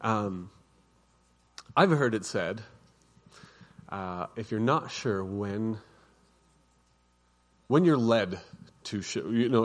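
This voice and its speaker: A man giving a conversational sermon, chatty and informal, with frequent restarts and asides. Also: on the low side.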